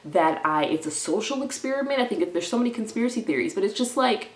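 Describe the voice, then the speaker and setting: Young woman, stressed and low, rambling vlog rant, voice bouncing off the room walls, mid-height voice. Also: animated, quick pace. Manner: swings from mumbling to loud indignant outbursts; swaps playful made-up words into her speech. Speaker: vlogger. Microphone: camera in front of her. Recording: echoey room.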